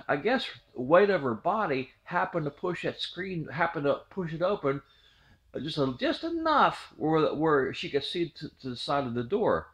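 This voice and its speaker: A man's voice: a little high, big pitch swings, moderate pace, a bit bright, lo-fi sound. A middle-aged man, casually telling a memory, rambling and repeating words. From southwest Ohio. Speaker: channel host telling a memory. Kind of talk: casual storytelling.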